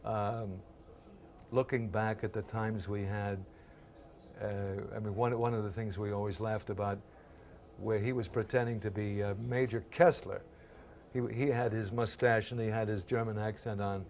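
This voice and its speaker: A man in his eighties, an actor being interviewed, telling stories from his old series in a lively, halting way with many fillers. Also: lowish voice, slight background noise. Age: 80s. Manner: animated storyteller, acts out quoted voices. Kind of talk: reminiscing interview anecdotes.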